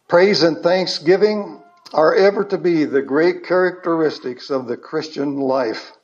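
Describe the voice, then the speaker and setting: A man preaching a sermon as pastor, slow and earnest with emphatic stresses. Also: a little high, a little mellow, highs cut off.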